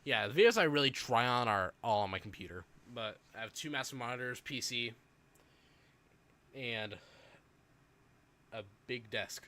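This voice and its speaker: A man streams and chats in a loose, rambling way, tossing in hyped interjections between his thoughts. His voice is mid-pitched and bright, with a little hiss behind it. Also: lively intonation, normal speed, long pauses. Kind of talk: casual chat while reacting to videos.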